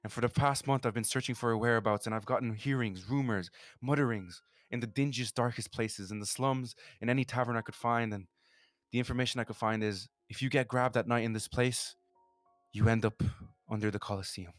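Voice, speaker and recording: A man's voice: mid-range voice, fairly even intonation, brisk, no room sound, close to an everyday voice. A man voicing a desperate young woman who lost her sister, speaking hesitantly with many restarts. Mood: grieving.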